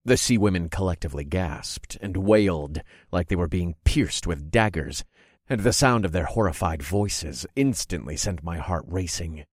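A man narrating a story in the first person with a measured, dramatic delivery. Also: sits low, no echo, clean studio sound.

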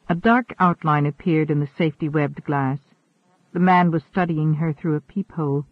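A man reading a novel aloud in a measured, even narration. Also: a little high, no echo. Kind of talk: audiobook narration. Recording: narrow phone-like sound.

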